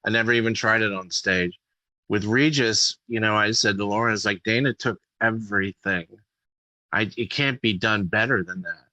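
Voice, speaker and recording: Halting comedian with a bright, dry voice. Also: male voice, fairly low pitch, dry recording, rough recording. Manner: halting, full of restarts and fillers, profane. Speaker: guest, comedian. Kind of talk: casual chat.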